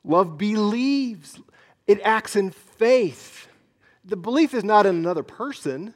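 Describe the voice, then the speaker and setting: A man preaching a sermon as pastor, swinging between loud emphasis and hushed, near-whispered asides. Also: high voice, animated, slow.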